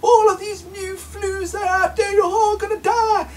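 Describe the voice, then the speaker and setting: A man voicing a hysterical male doom-monger, shrill and shouting in panic. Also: fairly even intonation, moderate pace, distant mic.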